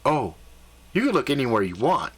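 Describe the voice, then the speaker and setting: A man voicing a casual, reassuring male alien elf guide who explains things quickly and easily. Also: mid-range voice, very animated, husky. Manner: casual, easygoing, fast explaining.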